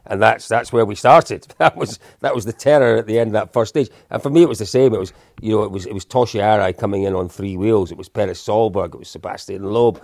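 A man in his fifties recounts his past as an interview guest, in an anecdotal, self-mocking way. His voice sits low and has a gravelly fry. The recording is dry and close, with no room sound. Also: fast talker, hardly any pauses, darkish tone, no room sound. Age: 50s. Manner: anecdotal, self-deprecating, with frequent restarts and chuckles. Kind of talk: casual storytelling in an interview.

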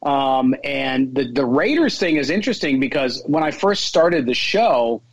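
A man's voice: mid-range voice, animated, unhurried, breathy edge, dry recording, lo-fi sound. A man from the Chicago area, a sports podcast guest, telling his background with some restarts. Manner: fluent storytelling with some restarts. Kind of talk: casual interview talk.

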